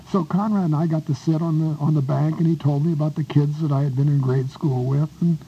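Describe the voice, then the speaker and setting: Gravelly older man telling war stories. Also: a little high, steady tone, moderate pace. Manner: rambling and folksy, with restarts and acted-out voices. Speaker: war veteran telling his story. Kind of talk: oral history storytelling. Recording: dull lo-fi recording with faint hiss.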